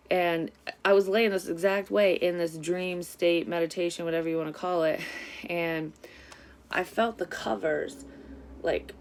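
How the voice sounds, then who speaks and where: A woman, a psychic reader telling a story in a casual tarot vlog, candid and quick to swear. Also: lowish voice, slight background noise.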